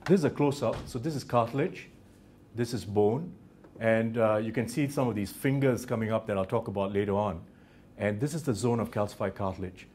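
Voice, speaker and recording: A man with a New Zealand accent delivers an academic lecture in a lecture theatre. His voice sits fairly low and has a slightly husky edge. He talks haltingly, repeating words and restarting sentences, with the odd joking aside. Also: darkish tone.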